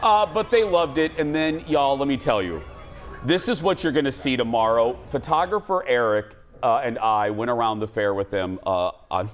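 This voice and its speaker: Animated talk show host man. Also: medium pitch, moderate pace. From Minnesota, USA. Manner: chatty and animated, laughing often. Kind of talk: casual chat.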